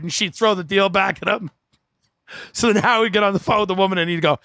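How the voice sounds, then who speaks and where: A man telling a comedic story, animated and profane, acting out the people in it with bursts of shouting. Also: sits high, fast talker, no room sound.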